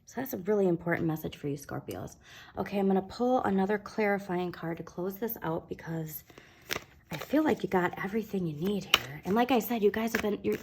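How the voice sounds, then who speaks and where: A woman's voice: medium pitch, animated, brisk, creaky, a little mellow, a little hiss or hum. A woman giving a casual tarot reading, encouraging her listeners and often checking in with "okay?". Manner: fillers and restarts. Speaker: tarot reader.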